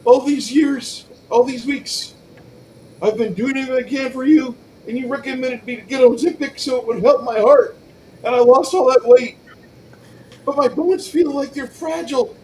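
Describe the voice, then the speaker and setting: A man's voice: very high voice, fairly even intonation, moderate pace, a little mellow, recorded from a distance, slight background noise, voice pushed up, rough recording. A man putting on a whiny old orc shaman. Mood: pleading.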